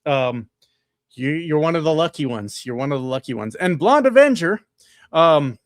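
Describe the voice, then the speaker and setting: A man's voice: fairly high pitch, animated, measured pace, no room sound. Chatty, profane man on a dry mic. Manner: loose, profane and chatty, with frequent fillers and laughs. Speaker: livestreamer and political candidate. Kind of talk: casual livestream chat, reading viewer comments. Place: home room with a rug and sound panels. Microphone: upgraded desk microphone.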